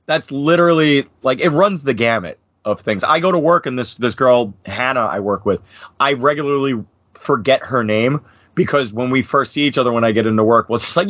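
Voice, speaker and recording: A man in his thirties from New Jersey, USA, with an American accent, chats casually as a podcast guest, swearing a lot, rambling through his stories, and doing lively impressions. His voice sits in the mid-range and moves fairly quickly. The recording is muffled, with no echo.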